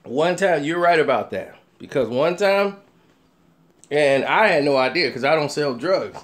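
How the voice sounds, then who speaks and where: A man in casual talk, spinning a story with frequent laughter and quoted voices. His voice sits high and swings widely in pitch. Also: lively intonation, unhurried.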